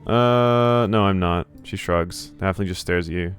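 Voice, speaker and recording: A man's voice: low-pitched, measured pace, clear, resonant tone, soft background music. A man hosting a let's play, reading game text aloud with sarcastic, joking asides. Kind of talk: playing a game and reading along.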